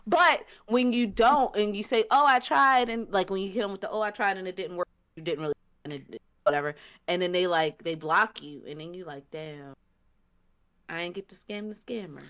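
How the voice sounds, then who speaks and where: A woman's voice: medium pitch, a little fast, a bit bright. A woman co-hosting a podcast in casual chat, joking and explaining at length with many fillers. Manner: chatty and joking, trailing filler-heavy explanations. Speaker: podcast co-host.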